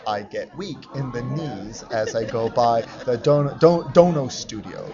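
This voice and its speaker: A man's voice: mid-range voice, unhurried, hardly any pauses. A man co-hosting a casual chat, playful and mock-pompous as he teases his co-host. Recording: lo-fi recording with crowd chatter behind.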